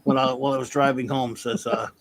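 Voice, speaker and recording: A man's voice: medium pitch, flat delivery, fast, a little hiss or hum. A man hosting a casual review podcast, talking loosely with lots of ums and restarts. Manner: loose, filler-heavy, meandering. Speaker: podcast host.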